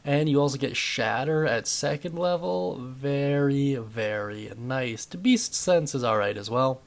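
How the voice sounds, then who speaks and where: An enthusiastic young man hosting a tabletop roleplaying channel. His voice rises and falls in an animated sing-song as he chats to viewers. It sits at an ordinary middle pitch for a man. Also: unhurried, gravelly. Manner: upbeat, chatty, lively intonation. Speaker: D&D video host. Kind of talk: enthusiastic tabletop game explainer.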